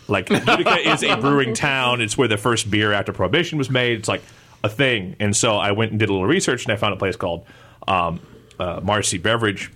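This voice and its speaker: Lower-voiced man in rambling beer chat. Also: lively intonation, fast, bright, forceful tone. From upstate New York. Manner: rambling, laughing, full of fillers. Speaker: podcast co-host. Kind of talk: casual chat.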